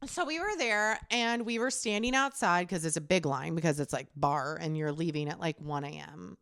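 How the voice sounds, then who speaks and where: A young adult woman co-hosting a podcast, animated and profane as she tells a story in casual chat. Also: lowish voice, normal speed, clear, resonant tone, no room sound, clean studio sound. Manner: animated, swearing, laughs while telling. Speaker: podcast co-host.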